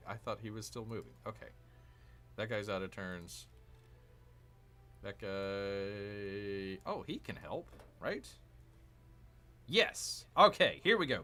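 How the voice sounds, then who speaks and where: Gaming host, male. Bright voice, unhurried, musing aloud over each move of a strategy game. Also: fairly low pitch, very animated, soft background music. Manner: chatty, talks to himself, cheers and groans at the game. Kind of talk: casual strategy game commentary.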